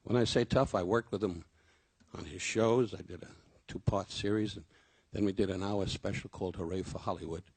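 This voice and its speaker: A man's voice: low voice, steady tone, a little fast, breathy edge, no echo. An older man, a comedian, giving a rambling, self-deprecating memorial tribute full of anecdotes.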